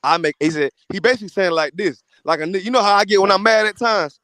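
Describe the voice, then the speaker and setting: A high-voiced man holds forth on faith in blunt, cursing street talk. He sounds emphatic and unpolished, recorded close and dry. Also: fast talker, a bit bright, no room sound. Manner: profane, emphatic preaching about faith. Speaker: podcast host. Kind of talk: casual chat.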